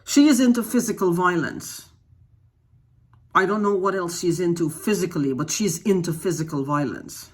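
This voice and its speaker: Husky-voiced agitated vlogger full of questions. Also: mid-range voice, normal speed. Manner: repeats phrases for emphasis. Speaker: YouTube channel host. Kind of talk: unscripted vlog monologue.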